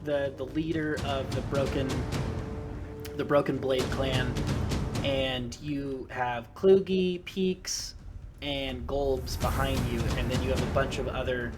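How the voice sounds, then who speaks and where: A man's voice: medium pitch, steady tone, slow pace, music in the background. A man narrating a tabletop game as its game master, in a laid-back way with many fillers and laughs.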